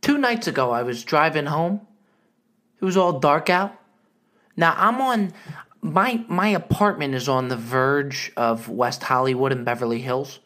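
A man's voice: a little high, expressive, measured pace, fairly bright tone. A man co-hosting a comedy podcast, telling a rambling, joking story in casual chat. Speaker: podcast co-host.

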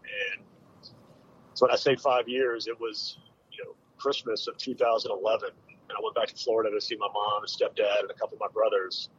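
A man in his forties, a military veteran, telling a hard personal story with candid, halting speech and many fillers. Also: fairly low pitch, level tone, fairly bright tone, husky, muffled recording. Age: 40s.

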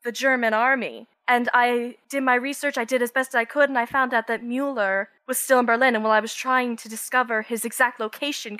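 A woman's voice: on the high side, sharp tone, dry recording. A woman voicing an earnest woman traveler who explains herself at length. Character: wary woman traveler seeking an ally.

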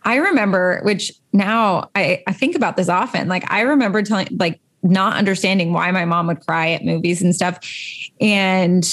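With a lowish, slightly bright voice at normal speed, this co-host in her thirties reflects sincerely on feelings and raising kids. Her casual talk is peppered with fillers.

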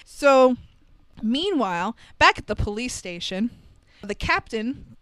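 A woman's voice: on the high side, very animated, takes it slowly, fairly bright tone, no room sound. A woman co-hosting a podcast, casually recapping a film with wry asides and frequent laughter. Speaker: podcast co-host.

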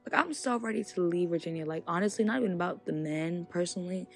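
A young woman hosting her own podcast, talking to listeners in an animated, outspoken way and laughing between her points. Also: on the low side, quick pace, gravelly, soft background music. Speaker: podcast host. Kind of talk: casual solo podcast monologue.

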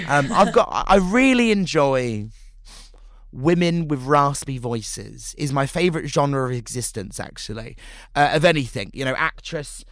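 A man's voice: medium pitch, no echo. Chatty man with a dry sound. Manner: chatty, animated, breaks into quoted voices. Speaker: cabaret and drag performer. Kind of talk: casual podcast chat.

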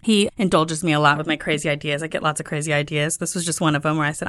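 A woman in her thirties, a guest on an interview show, telling her story in a relaxed, chatty way. Her voice sits a bit low and jumps up whenever she acts out what people asked her. The recording is close and dry. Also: fast, no echo. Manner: lively, acts out quoted questions with lifts in pitch. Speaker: guest, travel tour founder.

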